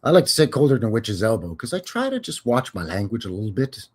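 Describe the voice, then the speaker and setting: A man's voice: on the low side, sing-song, fast, darkish tone. A man hosting a casual live stream, chatting in a folksy, rambling way with jokes and cowboy slang.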